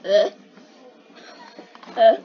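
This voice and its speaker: Drawing out words over soft background music, a young video maker casually reacts to generated quotes, reading the strange lines aloud and then trying to make sense of them with bemused giggles. The home recording is dull and lo-fi, with a faint hiss.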